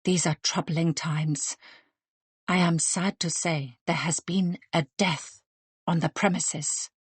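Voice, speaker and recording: A courtly, willowy restaurant manager, voiced by a woman for an audiobook, speaking in measured, decorous phrases. The voice sits low and slightly husky. It is recorded close and dry. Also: steady tone, dry recording, full character voice. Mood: grave. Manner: formal, decorous, measured speech.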